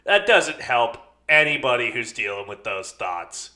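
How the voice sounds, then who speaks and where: A man's voice: mid-range voice, very animated, measured pace, pushed and bright. A man co-hosting a film podcast in casual chat, thoughtful and hedging with plenty of filler words.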